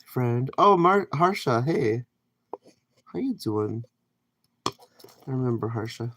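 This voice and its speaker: Man from canada, casual stream chat, reads out chat comments, rambly, mid pitch, faint clicks behind. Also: sing-song, slow pace, long pauses, background noise. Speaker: livestreamer. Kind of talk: casual live stream chat while cooking. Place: home kitchen.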